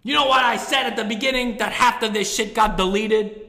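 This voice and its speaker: A man yelling a profane, self-mocking comedic rant, swearing often, recorded in a room in the middle of his building rather than a studio. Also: high voice, fairly even intonation, brisk, vocal fry. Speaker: comedian ranting to camera. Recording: echoey room with long reverb.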